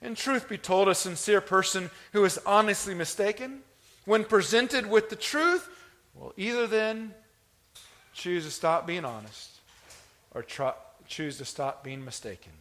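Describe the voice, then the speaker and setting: A man's voice: sits high, measured pace, fairly bright tone. A man preaching a sermon to a congregation, with emphatic delivery that swells and drops. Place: church.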